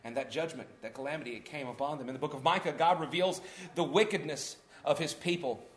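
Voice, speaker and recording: A man's voice: a little high, fast talker, reverberant. A man preaching a conversational sermon, voicing the prophets' words with rising energy.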